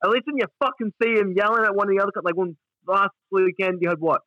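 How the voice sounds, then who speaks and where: A man's voice: high voice, quick pace, dry recording, highs cut off. A man with an Australian accent co-hosting a casual sports podcast, sweary and mocking. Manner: sweary, mocking, mimics players in flat voices. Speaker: podcast co-host.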